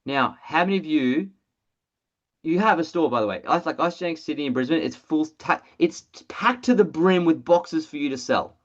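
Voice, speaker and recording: Blunt, excitable trainer voice, mid pitch, muffled video-call audio, casual swearing. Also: normal speed. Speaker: presenter of an online training call. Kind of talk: energetic sales training webinar.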